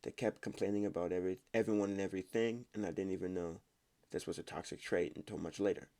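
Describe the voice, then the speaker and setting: A man's voice: low-pitched, fairly even intonation, quick pace, creaky, dark tone. A man reading online stories aloud in a casual way, stumbling over words and breaking off to comment on his own reading.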